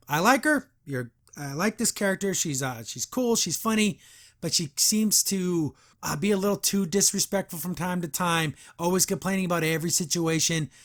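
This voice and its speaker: A man's voice: sits high, fairly bright tone. A young man hosting a podcast, casually recapping and reviewing a cartoon episode in a rambling way, slipping into quoted lines and chuckling.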